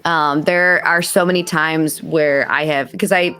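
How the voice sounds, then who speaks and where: A young adult woman, a voice actress, chatting in an interview and acting out quoted lines with big jumps in pitch. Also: steady tone, a little slow, pushed and bright. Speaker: voice actress guest. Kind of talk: casual interview chat. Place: remote video call.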